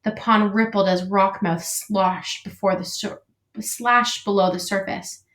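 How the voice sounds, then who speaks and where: Woman reading a children's book aloud. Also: medium pitch. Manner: expressive, measured storytelling. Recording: echoey room.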